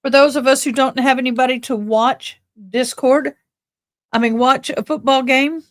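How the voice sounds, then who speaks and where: A woman's voice: high-pitched, steady tone, normal speed. A woman with a Texan accent, hosting a casual livestream and rambling as she thanks viewers. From born in Tennessee, raised in Texas. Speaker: livestream host.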